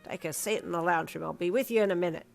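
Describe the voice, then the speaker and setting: Woman doing a shrill warbly old grandpa. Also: fast, vocal fry, soft background music. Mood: playful. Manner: loud, calling out from afar. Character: elderly playful grandfatherly man, warbly.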